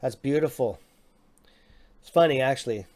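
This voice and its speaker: Casting note: man, stream host, casual market talk, easily excited, mid-pitched voice. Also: normal speed. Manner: excitable, swears under his breath, apologetic. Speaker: livestream host. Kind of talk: casual live stock market chat. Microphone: desk microphone.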